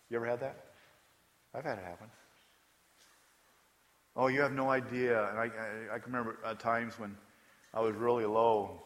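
A man delivers a sermon as pastor at a mid pitch, shifting between quiet, reflective asides and emphatic points. He talks casually and often asks the congregation questions. His voice carries a long reverb from a large hall. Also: flat delivery, a little fast, long pauses.

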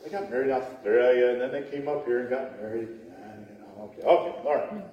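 A man's voice: medium pitch, quick pace, warm tone, dull audio. A middle-aged man, a pastor, telling humorous wedding stories in a chatty sermon with laughing asides and acted-out voices. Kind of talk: storytelling sermon. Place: church sanctuary. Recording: echoey church hall from far off.

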